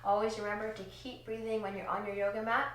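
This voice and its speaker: A woman teaching a children's yoga class, giving gentle, encouraging cues in time with slow breaths. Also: medium pitch, flat delivery. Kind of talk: guided kids yoga lesson. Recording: echoey room, distant from mic.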